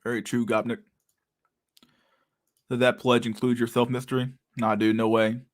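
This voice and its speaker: A man's voice: mid-range voice, level tone, moderate pace. A young man chatting casually on a livestream, reading chat aloud, laid-back and crude, often laughing and mumbling to himself.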